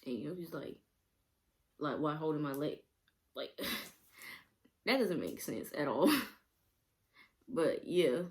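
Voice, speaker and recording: A woman's voice: low-pitched, lively intonation, slow, long pauses. A young woman vlogger rambling through a casual storytime, laughing often and using many fillers.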